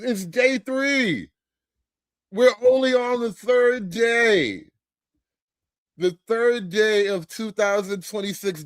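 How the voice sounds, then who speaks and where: A man hosting comedic political commentary, slangy and animated. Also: high voice, dry recording. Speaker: host.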